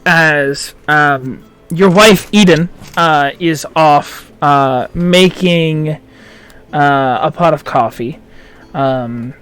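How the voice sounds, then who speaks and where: A man running a tabletop game as dungeon master, narrating scenes with many pauses and self-corrections. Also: a little high, a bit bright. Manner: halting, full of ums and self-corrections.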